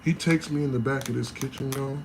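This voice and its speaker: A man's voice: medium pitch, fairly quick, a little hiss or hum. A man telling a personal story to camera, talking casually and animatedly, with a lot of slang and swearing. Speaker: vlogger. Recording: roomy room with faint ambience.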